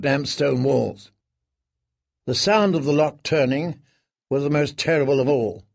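Male audiobook narrator, measured and grave, dry close recording. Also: mid-range voice, darkish tone, dry recording.

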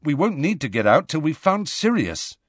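A man's voice: medium pitch, big pitch swings, normal speed, breathy edge, no echo, clean studio sound. A man doing a tense, determined teenage wizard boy. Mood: forceful. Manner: forceful, hasty.

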